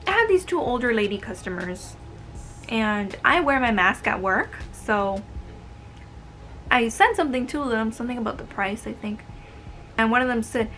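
Faint music sits under this vlogger's retail storytime, told at normal speed by a very animated American woman in her twenties. Her voice is on the high side, pushed and bright, and her tone is casual, exasperated, and sarcastic.

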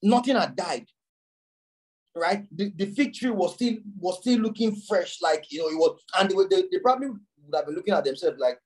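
A male pastor giving a teaching sermon. He repeats words as he explains and reads scripture aloud slowly, raising his voice. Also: expressive, poor audio. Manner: repeats words while explaining, with sudden jumps in pitch.

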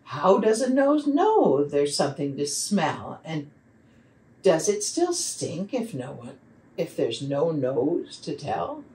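Storybook figure: an endlessly curious little girl, put on by a woman reader, high wondering questions, lively swoops, roomy distant sound. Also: slow, exaggerated voice. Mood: puzzled.

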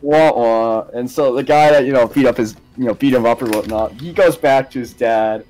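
A man's voice: medium pitch, brisk, darkish tone. A young man co-hosting a casual recap while gaming, telling the story in a loose, laid-back way full of slang. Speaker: co-host.

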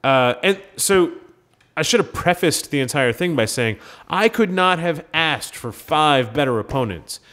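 A man's voice: a little high, a little slow. A man from Minnesota co-hosting a podcast, telling stories in casual chat and acting out the dialogue. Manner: animated storyteller, acts out quoted dialogue. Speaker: podcast co-host.

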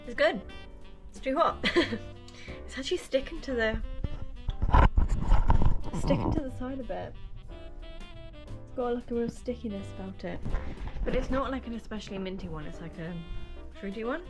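A woman's voice: fairly high pitch, animated, moderate pace, long pauses, poor audio. A woman vlogging in a casual, chatty way, laughing often while making coffee at home. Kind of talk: casual chat. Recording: music playing clearly behind.

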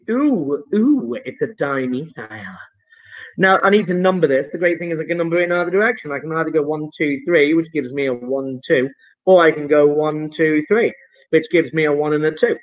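A man's voice: fairly high pitch, animated, moderate pace, low-quality recording. A man teaching chemistry, going over homework in an online lesson with playful, jokey asides.

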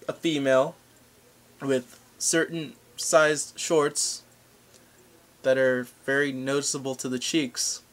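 A man's voice: fairly high pitch, a bit bright, slight background noise. Goofy rambling young man vlogger. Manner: goofy, rambling, random outbursts. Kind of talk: comedic rant to camera.

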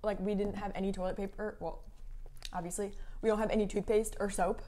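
A woman's voice: medium pitch, flat delivery, brisk, dark tone. A young woman co-hosting a casual eating show, telling laid-back stories with some swearing. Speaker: co-host. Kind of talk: casual chat while eating.

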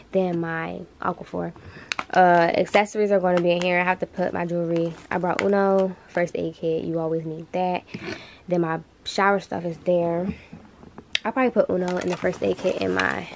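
A young woman vlogger chats casually to a camera on a tripod while packing in her bedroom, playful and laughing often, with plenty of slang. Her voice is lowish and creaky, with little pitch movement and a moderate pace. There's slight background noise.

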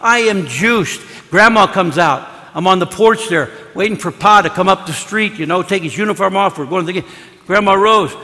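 An older man from Kansas City preaches in a high, bright voice, spinning homey stories as a priest leading a parish mission. He keeps it chatty and loose, sprinkling in "you know" between lines. His words hang in the long reverberation of a large church. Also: normal speed. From Kansas City, USA. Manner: conversational, folksy, peppers talk with "you know". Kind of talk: storytelling sermon.

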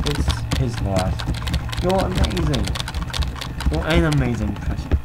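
A man's voice: a little high, big pitch swings, unhurried, heavy background noise. A man playing a chat game, reading his replies aloud in an earnest, reassuring way. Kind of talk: casual gameplay commentary. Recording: loud game music behind voice.

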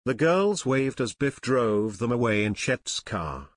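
A male audiobook narrator reading a story clearly and expressively, his pitch lively and animated. The recording is dry and close. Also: unhurried, no echo. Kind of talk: scripted narration.

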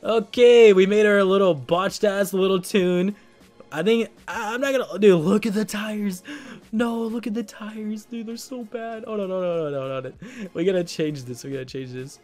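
A young man runs a casual gaming session, his voice sitting notably high. He talks in quick, slangy, excitable bursts. Faint music plays underneath. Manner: excitable, slangy, laughs often. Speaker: gaming video host.

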